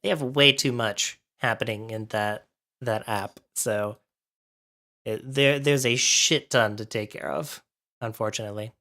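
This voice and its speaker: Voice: medium pitch, a little slow, bright, forceful tone. A livestreamer chatting casually with viewers while setting up, a bit out of breath from allergies and thinking aloud.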